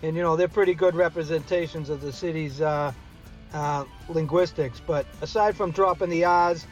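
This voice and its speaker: A man's voice: on the high side, steady tone, normal speed, lo-fi sound, soft background music. A man with a Boston accent giving a rambling, folksy monologue as a show's regular contributor, full of "you know" and "uh". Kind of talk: casual chatty monologue.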